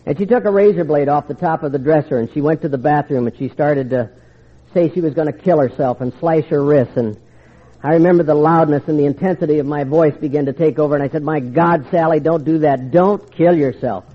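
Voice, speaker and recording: Older guy telling his story at a meeting, wry and confiding, slightly high voice, muffled old tape sound. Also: fast, slightly rough. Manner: wry, confiding storyteller who acts out quoted exchanges. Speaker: speaker sharing his recovery story. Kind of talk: storytelling talk to a recovery meeting. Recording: dull lo-fi recording.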